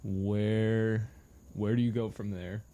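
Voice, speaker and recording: Low, mellow male podcast host. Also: slow. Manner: calm, brief questions and reactions. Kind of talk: interview podcast.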